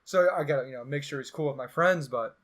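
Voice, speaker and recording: A man's voice: fairly high pitch, quick pace. A young man hosting a podcast, telling a rambling story in casual chat and acting out the quotes with sarcasm. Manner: animated, acts out quotes with sarcasm. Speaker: podcast host.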